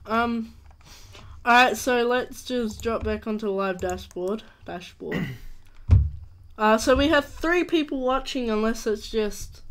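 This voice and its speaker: A young man hosting a casual live stream chat, talking in a rambling, halting way with frequent restarts. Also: very high voice, fairly bright tone, clear, resonant tone.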